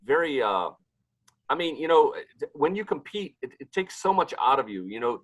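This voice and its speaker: A man talking casually as a podcast guest, with a voice of middling pitch. He rambles and trails off mid-sentence while he hunts for names, then picks the thread back up. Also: very animated, moderate pace, rough recording. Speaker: guest, pizzeria owner and pizza competition emcee.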